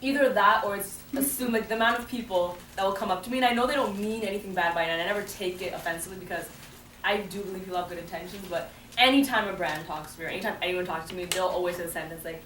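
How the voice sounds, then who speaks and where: A young woman rattles off her answers at a live Q&A, animated and quick to laugh. She is caught from far back in a big echoey hall, with faint noise around her. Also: on the low side. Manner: fast, animated, laughs often. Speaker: guest answering fan questions. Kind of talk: live Q&A talk. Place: large hall at a screening. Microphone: audience phone from far off.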